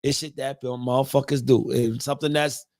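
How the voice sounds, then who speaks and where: A man's voice: mid-range voice, little pitch movement, moderate pace, a crowd in the background. A man hosting a casual podcast, loose and rambling with many fillers. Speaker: podcast host.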